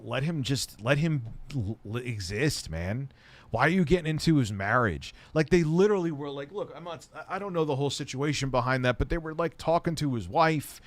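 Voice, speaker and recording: A man's voice: mid-range voice, no room sound. Blunt, profane man on a dry mic. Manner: blunt, rambling, heated and profane. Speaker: tech YouTuber answering viewer questions. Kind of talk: casual live-stream chat.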